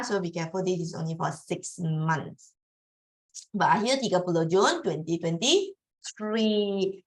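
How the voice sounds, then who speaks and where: A woman tutor with a Malaysian English accent, teaching an exam-prep accounting lesson and often checking that students follow. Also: mid-range voice. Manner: mixes Malay and English, coaxing checks for understanding.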